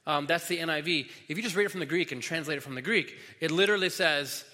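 A man's voice: a little high, quick pace, pushed and bright. A man preaching a sermon as pastor, teaching in a casual way full of fillers and restarts, in a large hall. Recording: long hall reverb.

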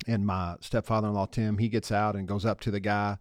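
A man with a somewhat low voice co-hosts a casual podcast, telling a story with bursts of laughter and quick impressions of the people in it. The sound is dry and close, with no room around it. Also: dry recording. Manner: animated storyteller, acts out voices, laughs often. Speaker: podcast co-host.

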